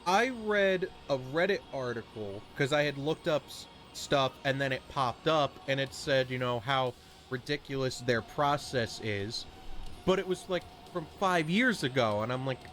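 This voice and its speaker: A man's voice: on the high side, animated, moderate pace, fairly bright tone, soft background music. A man streaming a video game, chatting casually and ranting with a rambling, swearing delivery. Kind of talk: casual chat while streaming.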